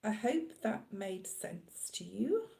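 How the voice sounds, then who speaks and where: A woman's voice: medium pitch, sing-song, takes it slowly, creaky, warm tone, echoey room. A middle-aged Australian woman giving a live tarot reading, chatting and rambling casually to her viewers. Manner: chatty, rambling, laughs often, addresses viewers by name. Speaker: tarot reader.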